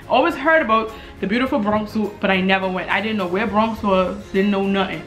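Bright-voiced chatty young woman from the Bahamas. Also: medium pitch, quick pace, soft background music. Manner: chatty, repeats words, storytelling. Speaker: vlogger. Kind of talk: casual chat to camera.

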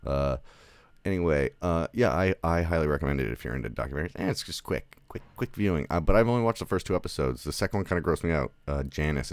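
A man's voice: extremely low pitch, gravelly, no echo. A man who teaches film, talking through a casual review in a rambling, loose way with laughing asides and lots of fillers.

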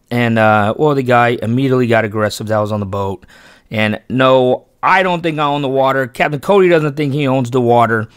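A man with a medium-pitched voice tells a fishing story in a loose, rambling way, restarting sentences and correcting himself as he goes. He sounds earnest and turns emphatic when he talks about his son. The recording is dry and close, with almost no room sound. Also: brisk, smooth, no echo. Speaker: fishing channel host and father. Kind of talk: casual storytelling vlog narration.

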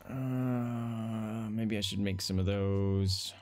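A man's voice: lowish voice, fairly even intonation, very slow, faint music behind. A young man hosting casual let's-play commentary, goofy and self-deprecating. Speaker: gaming channel host.

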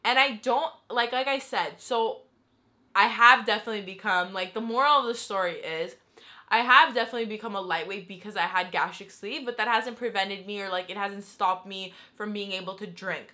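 A young adult woman telling a story in a casual, animated vlog style, saying "like" constantly. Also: medium pitch, fairly quick. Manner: chatty and animated, heavy use of "like". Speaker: vlogger.

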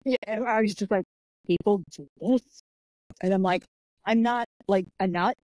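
On an interview show, an author and martial artist tells lively stories and voices the people in them, filling her chat with "like" and "I'm like." Her pitch is medium and her pace fairly quick, and the audio is dry.

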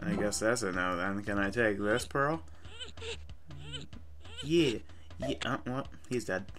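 A man's voice: lowish voice, takes it slowly, a bit bright. A man playing a kids' game and mocking it with crude, sarcastic commentary. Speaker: let's play gamer. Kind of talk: profane comedic game commentary.

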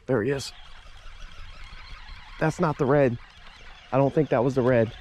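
A man's voice: mid-range voice, moderate pace, pauses often, darkish tone. Laid-back man fishing from a boat. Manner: laid-back, chatty, talks to the camera and to the fish. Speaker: fishing vlogger. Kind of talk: casual outdoor vlog commentary. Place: small boat on a marsh, outdoors.

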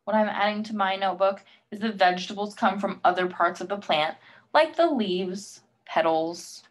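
A woman's voice: medium pitch, normal speed. A woman teacher reading a picture book aloud to young students and coaxing them with questions about what they learned.

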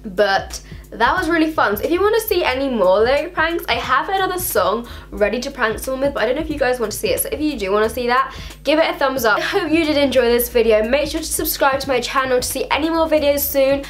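A woman's voice: sits high, expressive, fast, soft background music. A woman chatting casually to her viewers in a vlog, upbeat and talkative. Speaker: YouTuber. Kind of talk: casual vlog talk to camera.

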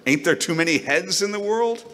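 A man's voice: high voice, expressive, moderate pace, fairly bright tone, voice pushed up. A man voicing a sly, teasing old innkeeper in a folksy drawl, reading aloud in a reverberant hall.

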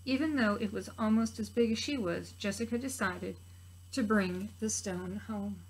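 A woman teacher reading a picture book aloud to preschool children, gently expressive with soft asides to her listeners. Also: mid-range voice, normal speed, slight background noise, rough recording. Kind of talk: children's story read-aloud.

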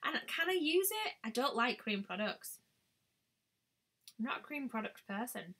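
A woman's voice: fairly high pitch, sing-song, moderate pace, noisy background. A young woman chatting casually on a live stream as a beauty vlogger, thinking aloud and exclaiming often. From United Kingdom.

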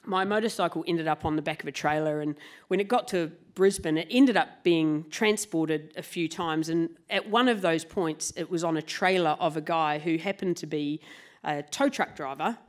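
A woman telling a true story live to an audience, lively and laughing often, swearing casually. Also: deep voice, normal speed. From New Zealand. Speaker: motorcycle club president and storyteller.

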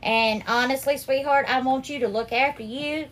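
A woman hosting a live cooking stream, warmly greeting viewers by name and calling them darling and sweetheart. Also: sits high, fairly even intonation, normal speed. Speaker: cooking livestream host.

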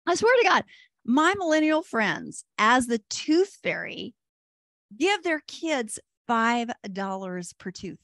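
An older woman works through a stand-up set, lively and self-deprecating. Her voice sits high and swings widely as she talks at an unhurried pace. The sound is dry and close. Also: no echo. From Texas. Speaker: stand-up comedian.

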